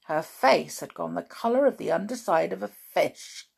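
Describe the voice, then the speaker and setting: A woman storyteller reading a children's book chapter aloud and chatting about it afterward in an animated way. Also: lowish voice, normal speed, vocal fry, slightly rough. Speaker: podcast storyteller.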